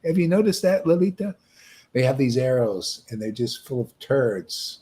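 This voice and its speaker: A man's voice: medium pitch, lively intonation, moderate pace, dark tone, breathy edge. A man teaching a meditation session in a loose, joking way, often tossing in "man" and "you know" and laughing at his own jokes. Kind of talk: casual spiritual talk on a livestream.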